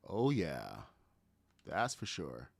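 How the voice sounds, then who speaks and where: A man's voice: low voice, wildly swooping pitch, drawn-out words, creaky. A man with a Caribbean accent giving casual commentary, thinking aloud and talking to his chat while building in a game. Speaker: gaming streamer.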